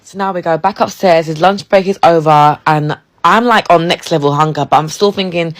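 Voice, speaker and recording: A woman from England telling a dating story in a casual, animated way, laughing and swearing. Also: low voice, moderate pace.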